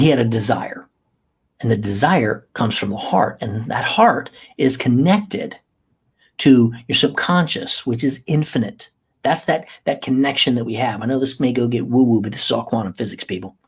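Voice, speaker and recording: A man's voice: medium pitch, normal speed, slightly rough. A man hosting a podcast, delivering an emphatic motivational monologue that repeats key phrases to exhort the listener. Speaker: podcast host.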